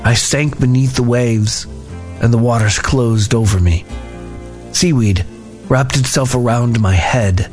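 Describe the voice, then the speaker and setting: A man giving a devotional talk and reading scripture aloud in a measured, solemn way. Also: mid-range voice, darkish tone, soft background music.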